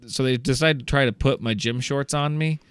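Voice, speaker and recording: A young man co-hosting a podcast, telling a story in a lively way, acting out the voices of the people in it and laughing often. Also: medium pitch, brisk, clean tone, no echo, studio quality. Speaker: podcast co-host. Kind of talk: casual storytelling chat.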